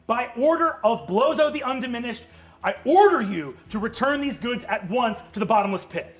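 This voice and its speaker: A man's voice: very high voice, animated, normal speed, fairly bright tone, pitched above the performer's own voice. A man voicing an officious female devil bureaucrat who reads out pompous legal decrees.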